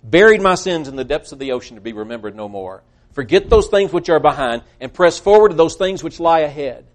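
A man preaching a sermon in an earnest, emphatic way, often quoting scripture at length. His voice sits a little higher than most men's. He seems to be speaking in a church. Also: animated, fairly quick.

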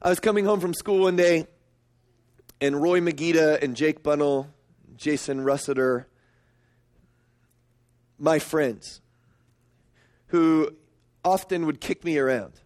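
A middle-aged man preaching a sermon, emphatic and storytelling, swinging up to excited peaks. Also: takes it slowly, pauses often. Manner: storytelling, emphatic, rising to high excited pitch. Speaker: pastor.

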